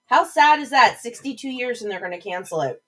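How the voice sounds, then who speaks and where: A woman's voice: a little high, animated, brisk, a bit bright, low-quality recording. A woman chats loosely through her livestream. She rambles from topic to topic and breaks off to greet her viewers by name. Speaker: livestream host. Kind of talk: casual livestream chat.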